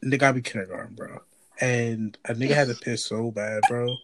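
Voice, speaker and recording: A man's voice: mid-range voice, steady tone, fairly quick, dry recording. A young man co-hosting a casual podcast, telling a childhood story in a rambling way full of "like". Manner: rambling storyteller, heavy filler "like". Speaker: podcast co-host. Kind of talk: casual chat.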